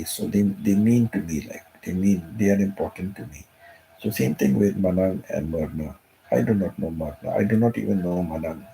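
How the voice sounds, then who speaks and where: A man with a very low, gravelly voice that sounds dark and mellow. He speaks softly and emotionally, repeating phrases as he chats on a home live stream. A faint hiss of noise sits behind him. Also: poor audio. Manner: soft-spoken, repeats himself, emotional. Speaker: channel host.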